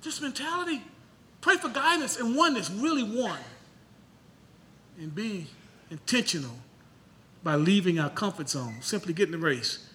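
A man preaching a sermon as pastor, asking rhetorical questions and breaking into loud high bursts. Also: very animated, normal speed, pauses often, a little hiss or hum.

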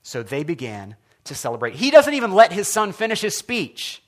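A pastor delivers an earnest, expressive sermon, often turning to his listeners with questions. His voice is somewhat high for a man. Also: moderate pace. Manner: earnest, expressive preaching, asks the audience questions.

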